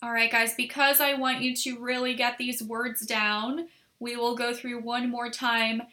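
A woman with a Polish accent hosting a language podcast, carefully enunciating each word in a slow drill, then chatting playfully with listeners. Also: on the high side, little pitch movement, sharp tone. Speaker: language teacher and podcast host. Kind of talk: slow pronunciation drill and upbeat lesson talk.

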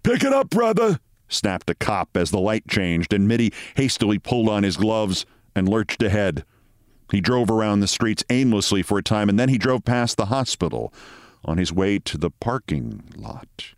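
A man hosting a show, reading a short story aloud in measured, dramatic narration. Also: lowish voice, no room sound, studio quality.

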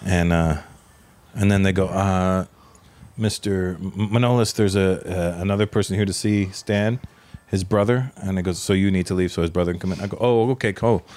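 A man's voice: low-pitched, steady tone, darkish tone. A man in his fifties co-hosting a comedy podcast, teasing and profane in casual banter. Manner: teasing, profane, quick to laugh.

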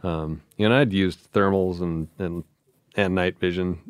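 A man's voice: low-pitched, fairly even intonation, a little slow, smooth, dry recording. A man who worked in law enforcement, joining a casual chat and agreeing with the point. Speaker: former law enforcement officer. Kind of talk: casual conversation.

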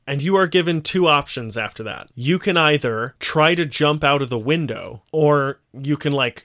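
A man co-hosting a casual podcast chat, retelling scenes at length and acting out the quoted lines. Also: mid-range voice. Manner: animated storyteller, acts out quoted lines. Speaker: podcast co-host.

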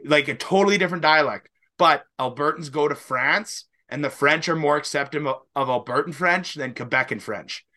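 A man's voice: a little high, normal speed, few pauses, bright, forceful tone. A young Canadian man co-hosting a podcast, rambling casually, laughing and swearing now and then. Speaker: podcast co-host. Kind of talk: casual chat.

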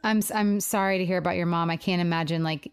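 A woman's voice: lowish voice, fairly even intonation, fast, clear, resonant tone. A woman hosting a podcast, speaking sympathetically and hedging her points carefully. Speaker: podcast host. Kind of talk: casual podcast chat.

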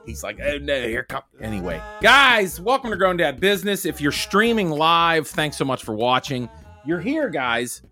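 A man in his thirties hosting a casual podcast, rambling loosely and saying "dude" and "boom" all the time. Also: very animated, moderate pace, bright, forceful tone, faint music behind. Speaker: podcast host.

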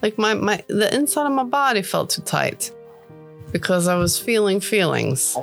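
A woman player talking in character during a tabletop game, earnest and rambling with halting restarts. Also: medium pitch, big pitch swings, creaky, soft background music. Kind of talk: in-character tabletop role-play.

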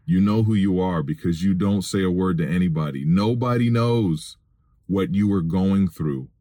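A middle-aged man with a very low voice, preaching on his podcast while sitting in his car. He pleads earnestly with listeners and lifts his voice into emphatic appeals. The sound is close and dry, with no room around it. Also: normal speed, warm tone, dry recording. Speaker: podcast host and Christian minister. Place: in a vehicle.

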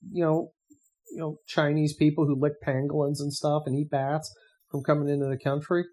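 A man's voice: on the high side, fairly even intonation, moderate pace, darkish tone. A man hosting a podcast, talking casually in a sarcastic, profane rant. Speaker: podcast host. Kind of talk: casual monologue.

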